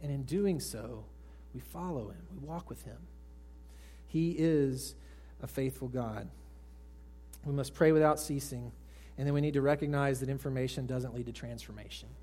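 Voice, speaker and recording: A male pastor preaching to a congregation, swinging from raised emphatic lines to hushed soft ones and putting questions to his listeners. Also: medium pitch, normal speed, slight background noise. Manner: asks the congregation direct questions. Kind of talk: sermon. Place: church service with congregation.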